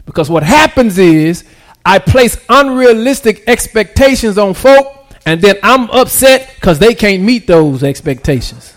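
High-voiced guy preaching, calls out to the church, goes from quiet to loud. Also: very animated, a little slow. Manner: preaching with call-and-response, swinging from hushed to shouted; casual vernacular grammar. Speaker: pastor. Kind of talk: sermon.

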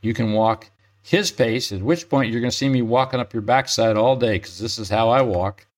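A man's voice: mid-range voice, normal speed, lightly acted. An older man quoting a veteran golf pro, giving dry, folksy advice in a slightly raised voice. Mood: wry.

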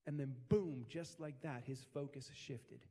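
A man's voice: mid-range voice, measured pace, dark tone. A man preaching a sermon as a pastor, in a conversational storytelling style with casual slang. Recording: long hall reverb.

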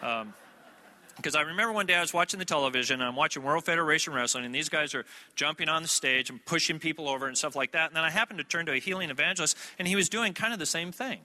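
Male preacher, sermon, conversational storyteller, higher voice, long hall reverb. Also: fast talker, sharp tone. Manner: conversational storytelling with asides to the audience. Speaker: traveling preacher.

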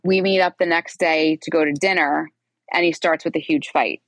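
A woman in her forties, a podcast guest, telling her own story in a candid, animated way and acting out the dialogue. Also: deep voice, normal speed, no echo. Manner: animated, acts out quoted dialogue.

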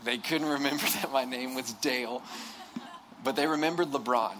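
A man's voice: mid-range voice, moderate pace, a bit bright, a little hiss or hum. A young man speaking to a live audience, telling a humorous, self-deprecating story in a sermon, with many restarts and asides. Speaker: campus ministry speaker.

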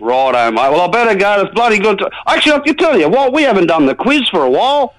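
A man's voice: high voice, sing-song, fast, fairly bright tone, rough recording. A man playing a folksy, matey rural bloke with an Australian accent, phoning in to a comedy radio sketch. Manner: rambling, folksy, jokey. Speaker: regular caller.

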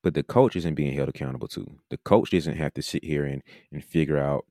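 A man's voice: rumbling low, a little fast, gravelly, few pauses, dark tone, dry recording, clean studio sound. A man, a podcast host and coach, talking casually and animatedly, now and then mimicking coaches mid-sentence. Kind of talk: casual monologue.

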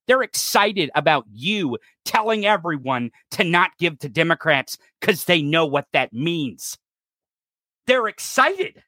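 A man's voice: very high-pitched, pushed and bright, no room sound, clean studio sound. A man hosting a podcast, delivering an angry, profane political rant. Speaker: podcast host.

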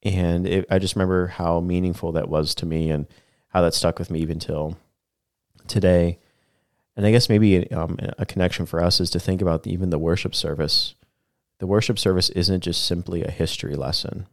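A man's voice: deep voice, steady tone, normal speed, dry recording, studio quality. A man who is a pastor, talking through a sermon in a casual, reflective podcast chat.

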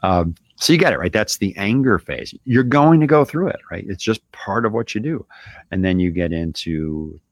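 Male host, very low gravelly voice, dry close sound, relaxed coaching talk full of "you know". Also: moderate pace, no room sound. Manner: loose, conversational, lots of "you know" and "right?". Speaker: business owner and show host. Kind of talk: casual coaching monologue.

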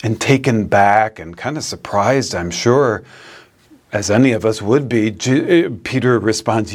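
A man's voice: fairly low pitch, expressive, measured pace, slightly rough. A man, a priest, preaching a sermon in a storytelling manner and laughing at his own anecdotes.

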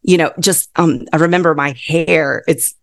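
A woman talks as a guest in a relaxed interview, her voice carrying a gravelly edge. She speaks earnestly and with feeling, leaning on the points she cares about. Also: sits low, moderate pace. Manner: earnest, heartfelt and emphatic. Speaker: guest author and counselor. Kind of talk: casual interview talk.

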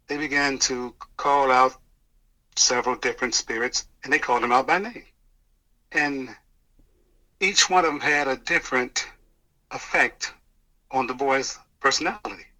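A man earnestly retelling a personal experience, halting at times and acting out what others said. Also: medium pitch, sharp tone, poor audio. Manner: earnest, halting retelling with restarts and quoted dialogue. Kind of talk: personal testimony storytelling.

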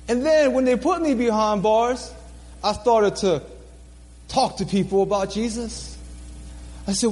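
A man's voice: high-pitched, measured pace, pauses often, darkish tone, in a large hall. A man preaching a sermon, telling his own story earnestly, repeating phrases for emphasis and laughing at himself. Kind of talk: sermon testimony.

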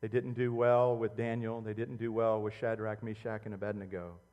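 A middle-aged male pastor delivering an animated sermon, his voice rising to loud emphatic peaks and then dropping low and close. The sound carries a long reverb, as if heard in a large church hall through a stage microphone. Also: moderate pace, dull audio. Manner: animated preaching, swinging between loud outbursts and quiet, low intimacy.

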